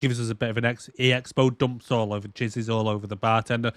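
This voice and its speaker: A man's voice: medium pitch, little pitch movement, quick pace, no room sound. Sarcastic man reviewing films. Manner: sarcastic, acts out scenes. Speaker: podcast host. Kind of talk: casual movie review chat.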